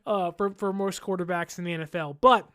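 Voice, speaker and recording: A man's voice: high-pitched, steady tone, fairly quick, fairly bright tone, smooth. A man hosting a sports podcast, talking casually and laughing often, sometimes mimicking fans in exaggerated voices. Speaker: podcast host.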